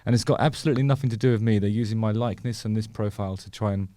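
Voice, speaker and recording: A man's voice: lowish voice, racing, warm tone, no echo. A man with an English accent hosting a casual, chatty commentary on a song, full of wry joking asides. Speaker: music video host.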